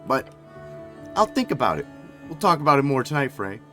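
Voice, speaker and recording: A man's voice: mid-range voice, big pitch swings, a little fast, pushed and bright, faint music behind, pitched above the performer's own voice. A man voicing a smug wealthy lord. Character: pompous wealthy middle-aged lord, smug father.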